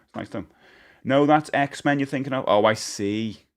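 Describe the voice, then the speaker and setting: A man's voice: medium pitch, normal speed. A man chatting casually on a live stream, rambling and joking, laughing often. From United Kingdom.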